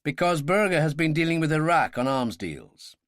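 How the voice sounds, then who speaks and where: A man's voice: fairly high pitch, very animated, normal speed, fairly bright tone, dry recording, clean studio sound. A man voicing an earnest male official giving a briefing in an explanatory way.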